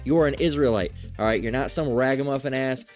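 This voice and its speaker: A man delivers a fervent religious lesson in a mid-range voice, full of profanity and repeated "all right?" check-ins. His talk runs loose and conversational, like a street preacher. Faint music plays softly behind him. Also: mid-range voice, quick pace. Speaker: religious teacher.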